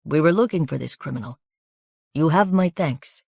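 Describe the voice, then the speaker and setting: A woman voicing a tall soldier officer who speaks slowly, courteously and in a measured way while questioning a girl. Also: deep voice, expressive, gravelly, darkish tone, dry recording, clean studio sound, exaggerated voice. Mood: polite probing. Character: tall soldier officer, smooth, polite, probing.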